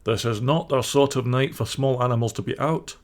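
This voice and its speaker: A man voicing a gruff, suspicious old male badger who turns kindly toward his friends. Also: medium pitch, steady tone, a little fast, lightly acted. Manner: gruff, then warmly welcoming.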